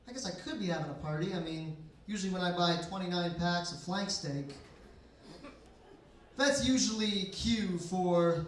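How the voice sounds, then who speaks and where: A man in his twenties doing a stand-up comedy set with a dry, deadpan, sarcastic delivery at a comedy night in a bar basement. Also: high voice, moderate pace, a little hiss or hum. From Canada. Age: 20s. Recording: echoey room, mic from far off.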